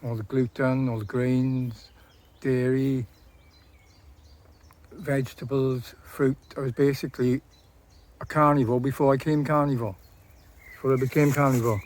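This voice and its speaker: A man's voice: medium pitch, steady tone, a little slow, pauses often, a little mellow. A man vlogging in a casual, rambling way, often repeating and restarting his phrases. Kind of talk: casual talk to camera.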